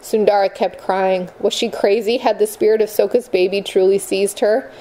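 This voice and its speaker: A woman narrates a novel aloud with measured, expressive pacing. Her voice is warm and mellow, sitting at a middling pitch. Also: poor audio. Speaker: audiobook narrator. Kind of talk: scripted narration.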